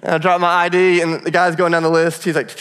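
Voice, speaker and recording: Man preaching, somewhat high voice, conversational storytelling, long church-hall reverb. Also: flat delivery, fast talker, a bit bright, smooth. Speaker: pastor. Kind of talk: sermon. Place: church auditorium.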